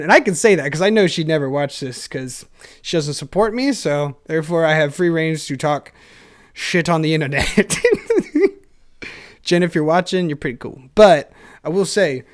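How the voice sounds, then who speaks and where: A young man hosting a solo podcast, rambling in a self-deprecating, energetic way and laughing often. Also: a little high. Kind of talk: rambling casual monologue.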